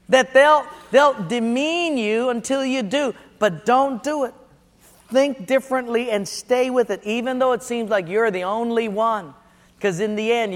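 A man preaching a sermon, earnest and storytelling. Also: sits high. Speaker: pastor. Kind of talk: sermon with a joke. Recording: long hall reverb.

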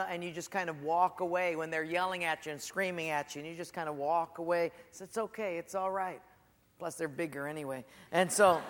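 A man's voice: high-pitched, a bit bright. A man preaching a sermon as a pastor, in a conversational, storytelling way with asides to the congregation. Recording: echoey church hall.

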